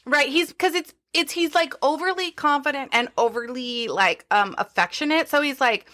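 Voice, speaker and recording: Woman cohost riffing on an old tv show, sarcastic and giggly, voice a bit on the high side. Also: moderate pace, pushed and bright. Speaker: podcast co-host. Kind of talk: casual chat.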